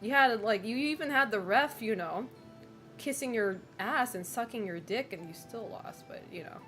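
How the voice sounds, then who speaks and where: A woman's voice: on the high side, lively intonation, normal speed, bright, forceful tone, soft background music. A woman streamer chatting casually and rambling, swearing freely and greeting viewers. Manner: rambling, swearing, laughs often. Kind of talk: casual chat while streaming.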